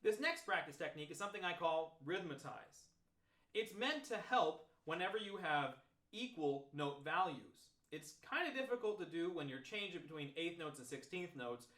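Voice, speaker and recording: A man teaching trombone practice techniques, talking step by step through examples in a relaxed, explanatory way. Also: a little high, normal speed. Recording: roomy echo.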